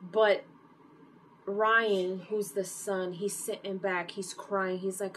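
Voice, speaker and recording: A woman giving a casual, animated recap of a TV episode, full of fillers and open emotional reactions. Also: mid-range voice, takes it slowly, slight background noise, rough recording. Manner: animated storytelling with many fillers. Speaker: TV series reviewer.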